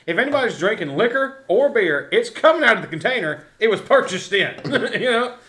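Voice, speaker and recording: A man's voice: sits high, sing-song, fairly quick, sharp tone. A man with a Southern US accent, co-hosting a drunken podcast chat, laughing and joking rowdily. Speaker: podcast co-host.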